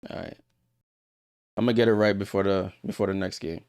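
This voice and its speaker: A man's voice: deep voice, fairly even intonation, brisk, no room sound, studio quality. A man hosting a live watchalong stream, chatting with viewers and calling plays as they happen. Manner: chatty, talks straight to viewers, gets louder on big plays. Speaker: livestream watchalong host. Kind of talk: casual live game commentary.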